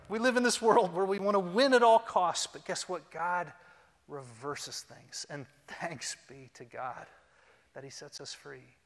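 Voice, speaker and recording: A pastor delivering a sermon, animated and humorous, leading his congregation to speak along. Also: sits high, measured pace. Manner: animated, humorous, leads the congregation in call-and-response. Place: church sanctuary. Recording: long reverb in a church hall.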